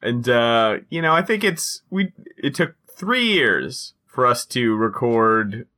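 A woman's voice: rumbling low, very animated, slow pace, bright, forceful tone. A woman co-hosting a podcast over a video call, chatting casually with wry humor. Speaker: podcast co-host. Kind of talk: casual chat.

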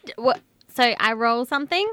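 A woman's voice: a little high, animated, normal speed, sharp tone, clear, resonant tone. A woman playing in a tabletop game in a studio, giggly, playful and a little hesitant. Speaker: player. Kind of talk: improvised tabletop role-play.

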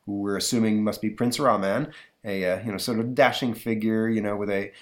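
A man's voice: lowish voice, fairly even intonation, fairly quick. A man hosting a comic book review podcast, talking hesitantly with many fillers. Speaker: podcast host.

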